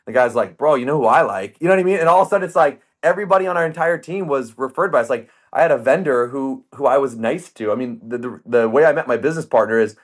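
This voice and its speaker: A rapid-fire male podcast host who talks in quick bursts. He tells his stories with animated energy and jumps into the voices of the people in them. His pitch sits in the middle range for a man. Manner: animated storyteller, acts out quoted voices. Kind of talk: casual chat. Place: podcast studio.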